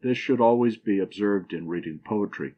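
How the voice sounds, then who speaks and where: A man narrating an audiobook, reading numbered grammar questions and answers in a measured, even way. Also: fairly low pitch, lo-fi sound. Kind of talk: reading a grammar book aloud.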